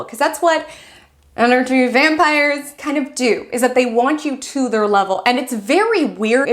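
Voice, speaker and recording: A woman astrologer giving a casual weekly horoscope talk, chatty, acting out quoted friends and filling her speech with "like". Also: on the high side.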